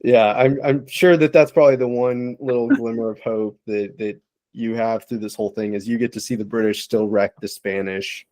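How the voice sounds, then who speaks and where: A man on a podcast panel making his points in a measured, thoughtful way. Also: mid-range voice, fairly even intonation, darkish tone. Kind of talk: casual discussion.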